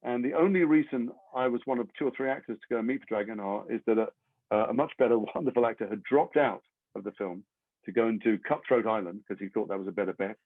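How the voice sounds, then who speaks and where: English guy rambling thru funny career stories, quick, sounds like over the phone. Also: medium pitch, no room sound. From England. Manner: rambling anecdotes with self-deprecating humor. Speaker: actor guest. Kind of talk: interview storytelling. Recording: tinny phone-like line, dry.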